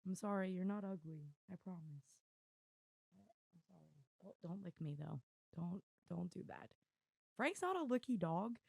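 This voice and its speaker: Hoarse, gravelly self-mocking woman host. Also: lowish voice, expressive, measured pace, a little mellow, dry recording. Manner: self-deprecating, rambling, laughs often. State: losing her voice. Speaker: podcast host. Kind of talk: casual chat. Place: room at home with dogs. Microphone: desk mic on video.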